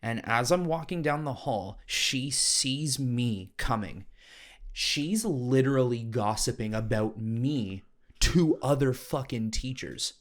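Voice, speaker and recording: A young man co-hosting a casual podcast, telling high school stories animatedly and swearing freely. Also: lively intonation, slow pace. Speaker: podcast co-host. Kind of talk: casual storytelling chat.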